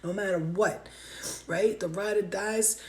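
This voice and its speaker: A woman's voice: mid-range voice, fairly even intonation, unhurried, a little mellow. A woman doing a spiritual reading on a livestream, talking to viewers in a heartfelt, emotional way and swearing freely. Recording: roomy echo.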